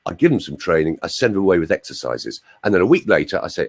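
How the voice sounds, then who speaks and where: A male voice coach teaches on an online group call, explaining techniques and demonstrating sounds while tossing in joking asides. His voice is low-pitched and sing-song, and he speaks quickly.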